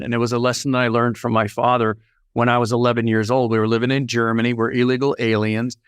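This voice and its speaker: A man of middle pitch telling a personal story as a podcast guest. He is animated and acts out each line of dialogue. The sound is dry and close to the mic. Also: clean tone, no room sound.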